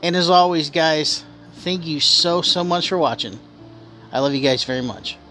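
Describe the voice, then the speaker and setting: A man's voice: fairly high pitch, moderate pace, bright, forceful tone, faint music behind. A man hosting his channel in an off-camera voice-over, speaking earnestly and encouragingly to viewers. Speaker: channel host.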